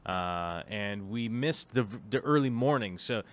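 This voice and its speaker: A man's voice: fairly low pitch, expressive, measured pace. A man vlogging casually about his hobby, rambling with many filler ums and chatty asides to the viewer. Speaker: aquarium vlogger. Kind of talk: casual vlog chat.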